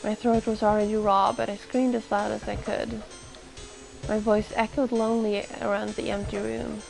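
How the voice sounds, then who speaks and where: A woman streaming a game reads its text aloud and chats casually between passages, swearing now and then. Her voice sits in a middle pitch, with faint music behind. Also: flat delivery, moderate pace, gravelly, low-quality recording.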